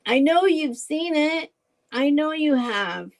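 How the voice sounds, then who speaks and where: A woman's voice: high voice, expressive, slow, poor audio. Chatty woman running a live sale. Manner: chatty, rambling, laughs often, thinks aloud. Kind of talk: casual live selling chat.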